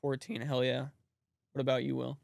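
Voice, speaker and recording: A man with a gravelly, flat voice tosses laid-back, wry remarks into podcast banter. He speaks close to a dry mic. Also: medium pitch, normal speed, no room sound. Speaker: podcast co-host. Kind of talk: casual banter.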